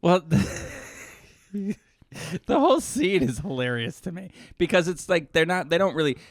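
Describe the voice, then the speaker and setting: A man's voice: sits high, animated, measured pace, no room sound, clean studio sound. A man co-hosting a podcast, chatting casually and playfully, rambling and giggling as he talks. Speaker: podcast co-host. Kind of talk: casual chat about TV shows.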